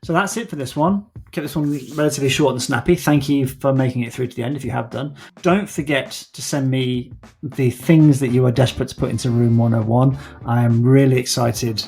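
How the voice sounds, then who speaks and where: A man's voice: mid-range voice, brisk, gravelly, darkish tone, faint music behind. A man hosting a solo podcast, talking casually with wry, self-deprecating asides. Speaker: podcast host.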